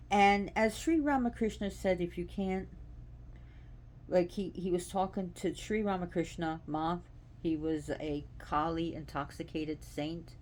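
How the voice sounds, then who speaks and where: A woman with a somewhat low voice talks casually and earnestly. Her delivery is lively and conversational, with a faint hiss of noise underneath. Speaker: host. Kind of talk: casual devotional talk.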